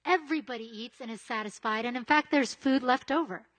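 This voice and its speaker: A woman's voice: on the high side, fairly quick, a bit bright. A woman giving a casual, conversational sermon, full of chatty asides and frequent "right?" checks with her listeners. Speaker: preacher.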